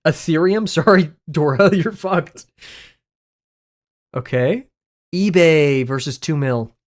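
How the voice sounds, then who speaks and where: Excitable, swearing live streamer. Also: medium pitch, takes it slowly. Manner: excitable and joking, swears freely, laughs often; reacts aloud to viewers' chat messages. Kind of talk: casual live-stream chat with viewers.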